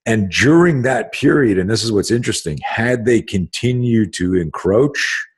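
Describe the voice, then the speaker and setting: A self-defense instructor hosts a podcast in a casual, emphatic style. His voice sits very low and sounds husky. He swears freely and restarts his sentences often. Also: lively intonation, moderate pace. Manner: emphatic and profane, with frequent restarts.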